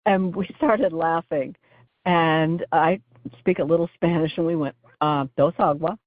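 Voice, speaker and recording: A woman's voice: sits low, no echo. Chatty woman caller on a phone line. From Oregon, US. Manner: chatty storyteller, laughing as she goes. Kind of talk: voicemail message to a radio show. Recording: tinny phone line, dry.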